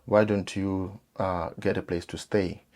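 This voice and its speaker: A South African man talking casually to viewers, telling a childhood story with lively acted-out quotes and many fillers. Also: low voice, a little slow. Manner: animated, acts out quoted voices, frequent fillers.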